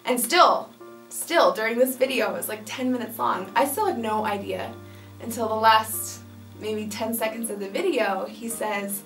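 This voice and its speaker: A woman's voice: on the high side, moderate pace, a bit bright. A young woman emotionally recalling her proposal, gushing as she tells it. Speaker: bride telling her proposal story. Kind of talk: heartfelt interview recollection. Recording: echoey room, distant mic, music behind.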